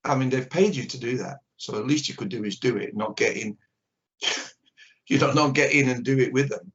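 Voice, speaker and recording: His medium-pitched voice has a fairly bright tone and a moderate pace. As an interview guest on a video call, this older karate instructor talks frankly and opinionatedly, re-enacting brief exchanges, all through dull lo-fi audio.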